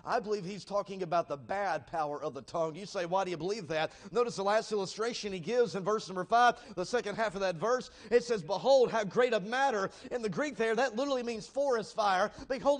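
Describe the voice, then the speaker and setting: A man preaching a sermon as a visiting evangelist, swinging from loud, emphatic peaks down to hushed, low passages. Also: fairly quick, few pauses. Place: church sanctuary.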